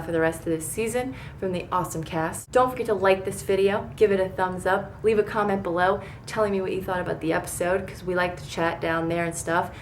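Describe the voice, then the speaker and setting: A woman in her thirties recapping a reality TV episode from her bedroom, excitable, rambling and freely swearing. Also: fairly low pitch, a little hiss or hum. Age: 30s. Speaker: TV recap vlogger.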